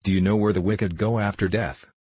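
A man's voice: on the low side, fairly even intonation, brisk, darkish tone, slightly rough, no room sound. A man voicing a stern, severe clergyman who questions a child solemnly in a storybook reading. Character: stern severe male clergyman, tall and grim.

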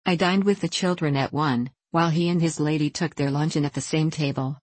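Measured audiobook narrator, dry sound. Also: medium pitch, fairly even intonation, dry recording. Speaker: audiobook reader. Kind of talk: scripted narration of a classic novel.

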